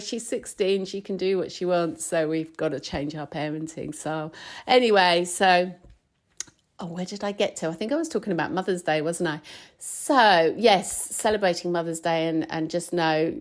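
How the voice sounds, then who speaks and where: Speaking at normal speed in a lower-pitched voice, a woman podcast host records a casual chat while travelling. She rambles, with lots of fillers and restarts.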